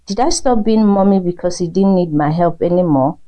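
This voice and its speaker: A woman's voice: on the low side, fairly quick, warm tone, natural voice, rough recording. A woman storyteller voicing an affectionate, motherly middle-aged woman who fusses over a girl. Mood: teasing. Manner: affectionate, fussing.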